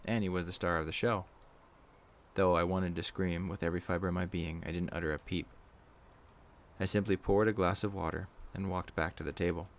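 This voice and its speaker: A man giving a steady, measured first-person reading of a scary story as the channel's narrator. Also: low-pitched. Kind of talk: scripted horror narration.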